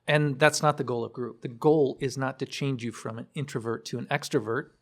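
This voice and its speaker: A man's voice: mid-range voice, fairly even intonation, a little fast. A man guesting on a podcast who explains his ideas thoughtfully. He often circles back and restarts a sentence. His voice sits in a middle register. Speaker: podcast guest, group leader. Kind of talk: reflective podcast talk.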